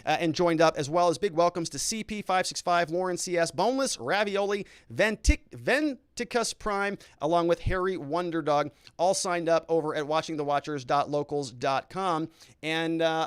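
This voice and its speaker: A man hosting a live stream talks casually to his viewers, rambling and circling back as he thanks them by name. His voice is smooth and resonant, pitched a little high for a man. The sound is close and dry, with no room around it. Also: no room sound. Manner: rambling, talks to chat viewers, fillers and restarts. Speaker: livestream host. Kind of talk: casual livestream chat.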